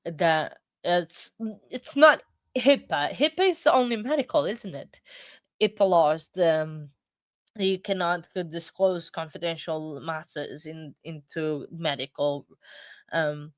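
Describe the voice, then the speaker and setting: A woman with a low-sitting voice speaks slowly, recorded in studio quality without echo. She hosts a casual livestream chat, sounding sleepy and yawning while she rambles, breaks off mid-thought, and restarts often.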